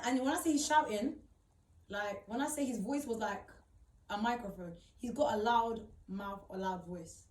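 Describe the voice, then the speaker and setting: A woman's voice: fairly high pitch, moderate pace, a little mellow, recorded from a distance. A woman tells her own story in emphatic, repetitive, slang-heavy talk. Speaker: storyteller recounting her experience. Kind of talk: personal storytelling. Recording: roomy, voice off-mic.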